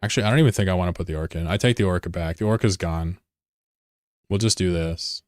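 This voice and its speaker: A man's voice: deep voice, fast talker, a little mellow, no room sound, clean studio sound. A man from the United States rambling and joking casually as he chats with his live-stream viewers. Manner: joking, rambling, answers chat messages.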